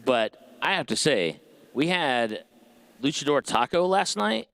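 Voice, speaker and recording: A man's voice: a little high, very animated, measured pace, vocal fry, a bit bright, no room sound. Rambling man hosting a live panel. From Indianapolis, USA. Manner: rambling, heavy with fillers. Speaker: podcast host. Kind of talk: live podcast panel talk. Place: convention podcast stage.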